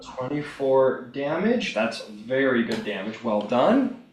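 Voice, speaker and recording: Male game master on a home mic: animated delivery, a bit scattered, recorded in a roomy space. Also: mid-range voice, takes it slowly. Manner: scattered, apologetic, thinking aloud. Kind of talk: running a tabletop game. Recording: roomy mic with faint noise.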